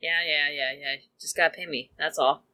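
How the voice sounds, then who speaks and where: A woman's voice: deep voice, fairly even intonation, moderate pace, bright, forceful tone, a little hiss or hum. A woman playing a tabletop game, chatting casually about her character with many fillers. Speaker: player. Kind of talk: casual tabletop role-play chat.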